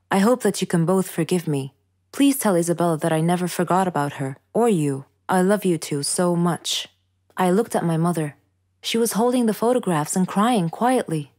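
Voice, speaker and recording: A woman telling a first-person story as scripted narration, calm and measured. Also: on the low side.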